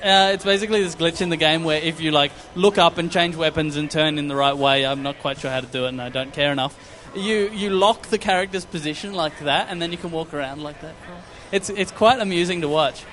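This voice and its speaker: A man co-hosting live stage banter, teasing his co-panelists in a playful way and quick to laugh. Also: on the high side, fairly bright tone. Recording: live stage mic with faint ambience.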